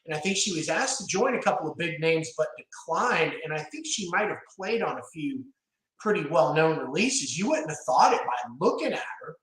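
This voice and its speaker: A man's voice: on the high side, sing-song, normal speed, fairly bright tone. A man co-hosting a podcast, chatting with enthusiasm. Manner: enthusiastic, chatty music talk. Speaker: podcast co-host. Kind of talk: casual chat. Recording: echoey room.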